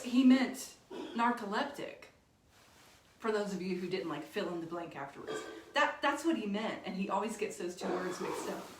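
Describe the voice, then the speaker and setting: A woman telling a funny story in a chatty way, often laughing and correcting herself. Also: a little high. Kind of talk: casual storytelling. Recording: echoey room, distant mic, faint noise.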